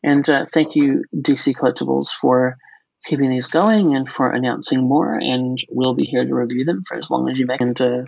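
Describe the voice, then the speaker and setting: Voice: medium pitch, level tone, moderate pace, gravelly, a little mellow, slightly rough, rough recording. A podcast co-host in their forties, from the United States, whose accent mixes American and Australian, chatting in a rambling, joking way with lots of fillers. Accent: mixed American and Australian. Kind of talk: casual podcast chat.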